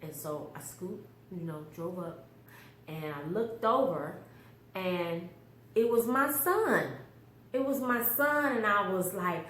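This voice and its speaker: A woman's voice: medium pitch, expressive, unhurried, a bit bright. Mom telling her story, all heartfelt, kinda echoey room with a faint hum. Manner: emotional, earnest storytelling with quoted inner voices. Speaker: mother telling a personal story. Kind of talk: personal testimony. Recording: roomy echo with faint background hum.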